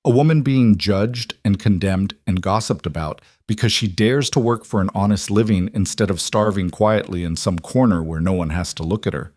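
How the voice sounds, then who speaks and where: A man's voice: lowish voice, moderate pace, hardly any pauses, no echo, lightly acted. A man voicing a fiery, bitter frontier woman. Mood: indignant. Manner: sharp, bitter and indignant.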